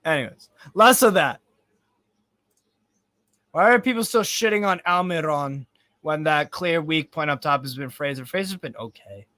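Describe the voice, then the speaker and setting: A man's voice: fairly high pitch, lively intonation, normal speed, pauses often, sharp tone, no echo. A young man hosting a live football watchalong, chatting casually and rambling with frequent swearing. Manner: rambling, swears freely, reads out chat. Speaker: football fan livestream host.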